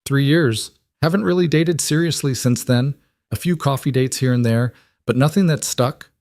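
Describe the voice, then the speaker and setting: A man voices an earnest young woman doctor in a wistful mood, using a natural voice pitched above his own. It's medium in pitch, moderately paced and a little mellow, recorded in clean studio sound without echo.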